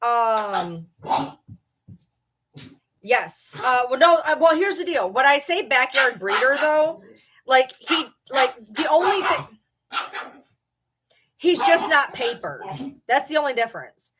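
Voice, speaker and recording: A woman's voice: sits high, expressive, slow pace, pauses often, background noise. A woman vlogging casually from home, rambling and swearing offhandedly while talking to her dogs. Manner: rambling, swears casually, talks to her dog mid-sentence. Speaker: channel host. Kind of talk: casual vlog chat.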